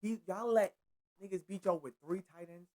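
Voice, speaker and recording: A man's voice: sits high, moderate pace. Young man ranting about football. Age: young adult. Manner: animated, profane and repetitive, slangy. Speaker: sports show host. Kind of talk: casual sports commentary rant.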